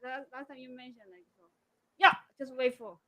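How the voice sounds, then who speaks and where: A woman with a Korean accent talking casually in broken English, animated and acting out quotes. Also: sits high, moderate pace. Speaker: guest. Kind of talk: casual chat.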